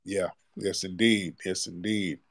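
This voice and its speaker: A man's voice: sits low, steady tone, a little slow, a bit bright, dry recording, studio quality. Blunt slangy man hosting a call-in. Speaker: host. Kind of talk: live call-in radio show.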